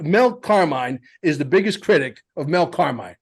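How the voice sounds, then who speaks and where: A man hosting a podcast, telling stories in an animated, blunt and emphatic way. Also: fairly high pitch, moderate pace, husky. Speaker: podcast host. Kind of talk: casual podcast chat.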